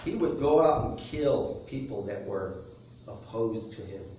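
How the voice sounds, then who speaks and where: A pastor delivers a deliberate, unhurried sermon, pausing for soft chuckles as he explains his points. His voice comes from a distance into a strongly echoing space, with faint noise underneath. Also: fairly low pitch, lively intonation. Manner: measured preaching with soft chuckles. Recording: very echoey room, distant mic.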